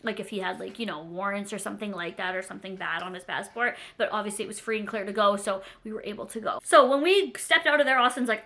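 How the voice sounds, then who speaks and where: A young adult woman telling a story in a casual vlog, rambling and animated, with lots of "like" fillers. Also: mid-range voice, fast talker, few pauses. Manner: chatty, rambling, many "like" fillers; animated and self-deprecating. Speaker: storytime vlogger.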